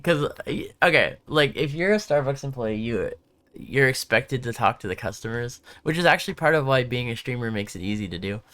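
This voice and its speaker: During a casual livestream chat, a young man rambles and corrects himself while telling stories and answering viewers' questions. His middle-pitched voice is smooth, clear, expressive, and fairly bright, a little fast, with no room sound.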